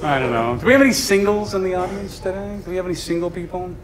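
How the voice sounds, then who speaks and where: A man doing stand-up comedy for a live audience, chatty and animated, often laughing at his own jokes. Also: high-pitched, quick pace, over a noisy crowd. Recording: echoey room, audience laughter, noise.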